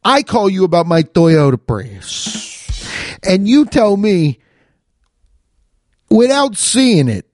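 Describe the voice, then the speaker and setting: A man tells a story as a casual, profane rant, worked up and exasperated and tripping over his own restarts. His voice sits a bit high and swings widely in pitch. The recording is close and dry, with no room sound. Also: sing-song, slow, long pauses, no room sound. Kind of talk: casual ranting monologue. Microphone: close podcast mic.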